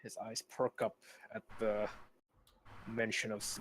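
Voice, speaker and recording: A man narrating as game master in a tabletop game, halting, with restarts. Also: fairly low pitch, monotone, slight background noise. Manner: halting, with restarts and throat-clearing.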